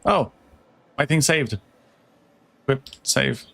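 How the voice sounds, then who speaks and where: A man's voice: medium pitch, drawn-out words, vocal fry, pushed and bright. Laughing, teasing male streamer. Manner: teasing, laughing, swears often. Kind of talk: casual gaming chat.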